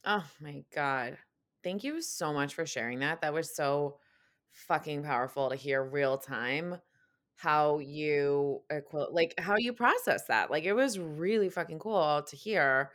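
A woman's voice: sits low, unhurried, fairly bright tone. A woman hosting a casual chat, speaking enthusiastically and affirmingly with casual swearing. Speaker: podcast host.

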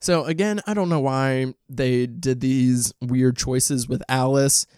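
A man's voice: mid-range voice, slow pace, a little mellow, clean tone, no echo, studio quality. A man casually talking through a film review, chatty and enthusiastic with frequent ums and likes, at home. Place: home, dog nearby.

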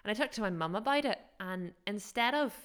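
A woman's voice: medium pitch, animated, brisk, fairly bright tone, clean tone. A woman co-hosting a podcast, telling her personal faith story in an earnest, reflective and searching way. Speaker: podcast co-host.

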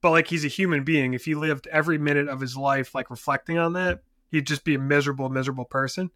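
A man's voice: on the high side, fairly even intonation, a bit bright, dry recording, clean studio sound. A man with a New Jersey accent, an injury lawyer co-hosting a podcast, talking in rambling casual chat full of fillers. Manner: rambling, filler-heavy, quick mimicry.

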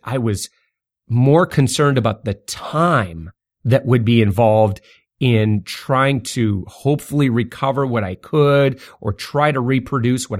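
Animated man telling a story. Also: mid-range voice. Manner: animated, laughing, voice jumps up when excited. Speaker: podcast host. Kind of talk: casual storytelling.

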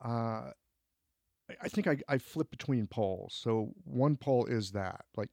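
A man's voice: medium pitch, unhurried, gravelly, mellow, no echo. A man co-hosting a podcast, talking in a thoughtful, searching way in casual reflective conversation, acting out his inner voice now and then. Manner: thoughtful, searching, with restarts and acted-out inner quotes. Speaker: podcast co-host.

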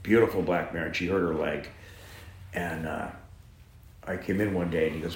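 Lively storytelling man in a roomy space. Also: low-pitched, normal speed, long pauses, slight background noise. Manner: animated, acts out dialogue in the story. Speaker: interview guest, horse farm owner. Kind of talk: anecdotal storytelling. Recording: roomy echo.

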